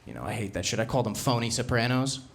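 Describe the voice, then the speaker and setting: A young man from New Jersey with a Jersey accent works a comedy club stage in a brash, self-mocking style. His voice sits at an ordinary middle pitch. Clear crowd noise and laughter carry under his set. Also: sing-song, quick pace. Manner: brash, self-mocking, punchy delivery with loud acted-out quotes. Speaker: stand-up comedian. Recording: live room with audible crowd noise. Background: audience laughter.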